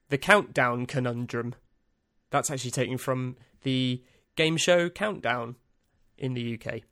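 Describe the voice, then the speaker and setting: A man hosts a casual solo podcast in a medium-pitched, fairly bright voice at a measured pace, with no room sound. He reads a list in a dry, rambling, self-amused way, peppered with ums and uhs.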